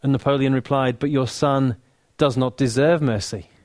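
A man with an English accent preaching a sermon, earnest and warm, dropping to soft, hushed lines for emphasis, with touches of dry humor. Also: mid-range voice, fairly even intonation, normal speed, dry recording. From England. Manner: earnest, softening to near-whisper on key lines, dry humor.

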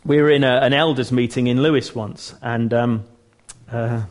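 A man of middling pitch delivers a relaxed church teaching talk. He speaks earnestly but conversationally, often restarting his sentences and slipping in self-mocking humour. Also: moderate pace.

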